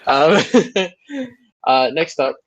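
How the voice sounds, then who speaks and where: A man's voice: fairly high pitch, big pitch swings, drawn-out words, no room sound, rough recording. A man co-hosting a podcast in casual chat, rambling and teasing his friends with frequent laughter. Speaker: podcast co-host.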